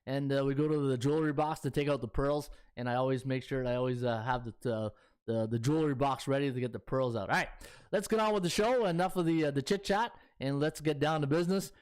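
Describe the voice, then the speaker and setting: A man's voice: medium pitch, fairly even intonation, quick pace, a little mellow, clean tone. A man hosting a sports betting podcast, chatting in a folksy way with lots of fillers. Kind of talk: casual chat.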